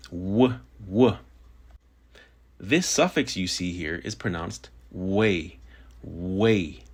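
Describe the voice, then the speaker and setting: A man giving a scripted language lesson, saying each example word slowly and repeating it twice. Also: deep voice. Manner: slow, deliberate, repeats example words twice. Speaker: language teacher.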